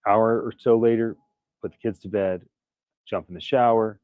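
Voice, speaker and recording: A man's voice: on the low side, steady tone, normal speed, no echo, narrow, tinny audio. A man recovering from illness, earnestly telling a personal story to camera in a casual, candid way. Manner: candid, earnest, prone to restarts and little laughs. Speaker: vlogger.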